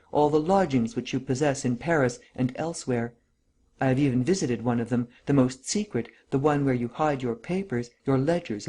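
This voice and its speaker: A cruel, gloating widow , read by a man in a mid-pitched voice, savours her triumph over a trapped rival. She mocks with deliberate weight on each word. Her voice sits at an ordinary middle pitch. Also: dark tone, close to an everyday voice. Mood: cold menace. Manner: mocking, gloating, stresses every syllable. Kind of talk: audiobook character reading.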